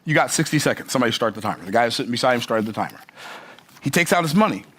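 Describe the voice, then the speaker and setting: A man's voice: mid-range voice, racing, slightly rough. A man who is a business coach, telling a story in a motivational speech and acting out the other people in it. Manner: animated, acts out the other people in his story.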